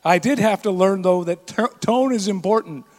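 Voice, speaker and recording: A man's voice: high voice, normal speed. A man in his forties, a pastor preaching a sermon with earnest emphasis. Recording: long hall reverb.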